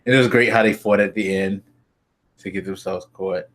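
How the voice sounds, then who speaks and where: A man co-hosting a casual gaming podcast, talking excitedly with lots of swearing and fillers. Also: deep voice, moderate pace. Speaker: podcast co-host.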